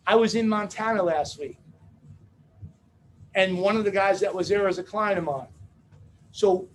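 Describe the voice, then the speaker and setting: Male seminar speaker, high voice, brash joking storyteller. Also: normal speed, a little hiss or hum. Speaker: business opportunity speaker. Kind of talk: motivational seminar talk.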